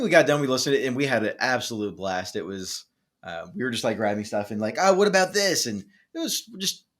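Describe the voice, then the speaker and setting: A man's voice: on the low side, a bit bright. A man co-hosting a music podcast, telling a rambling story in casual chat with plenty of fillers and restarts. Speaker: podcast co-host.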